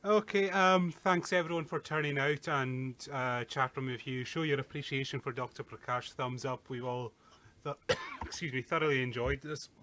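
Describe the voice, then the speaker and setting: A man hosting a podcast, wrapping up casually with fillers and some halting. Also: mid-range voice, steady tone, sharp tone, a little hiss or hum. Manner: informal, a little halting, with fillers. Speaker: podcast host.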